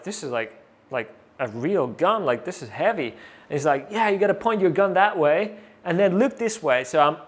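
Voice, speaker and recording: A man as an interview guest, telling a story casually, animated and full of fillers, acting out what others said. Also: fairly high pitch. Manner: animated, acts out quoted voices, many fillers.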